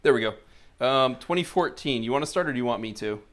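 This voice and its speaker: A man's voice: mid-range voice, animated, quick pace. A man co-hosting a movie podcast in casual, rambling chat and laughing often. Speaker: podcast co-host. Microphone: headphones, home podcast setup.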